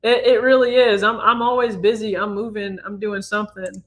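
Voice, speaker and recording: Man in his thirties, bright forceful voice, relaxed chatty livestream Q&A, reads viewer questions aloud. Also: high-pitched, moderate pace. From US Midwest. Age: 30s. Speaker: sneaker channel host. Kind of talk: casual livestream Q&A.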